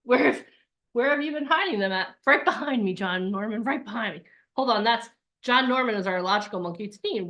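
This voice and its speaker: A woman in her forties, a coach giving a lively live online workshop and acting out voices. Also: fairly high pitch, brisk. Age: 40s.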